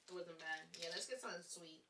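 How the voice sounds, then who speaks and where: A woman's voice: fairly low pitch, fast, bright, forceful tone. A young woman co-hosting a casual podcast, tasting snacks and chatting playfully with frequent laughter. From Dominican Republic. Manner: playful, laughs a lot, talks while chewing. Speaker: podcast co-host. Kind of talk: casual chat, food tasting. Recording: echoey room, mic at a distance.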